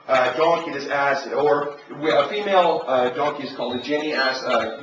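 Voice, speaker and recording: A man's voice: on the high side, a bit bright, a little hiss or hum. A man preaching a sermon in a church, telling a story and acting out its characters' lines. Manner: storytelling, voicing quoted characters. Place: church sanctuary. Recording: distant roomy church recording, dull lo-fi.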